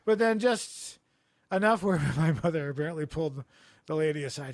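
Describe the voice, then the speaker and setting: A man hosting a comedy podcast over a video call, telling rambling stories with deadpan absurd jokes. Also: a little high, moderate pace, dry recording. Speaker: podcast host. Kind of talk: casual comedic chat. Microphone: remote video call.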